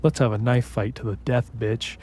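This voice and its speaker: A man's voice: medium pitch, fairly even intonation, moderate pace, a little mellow, faint music behind, lightly acted. A man voicing a fierce, catty young wife who taunts and curses at her rival. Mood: taunting. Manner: cursing, taunting, confrontational.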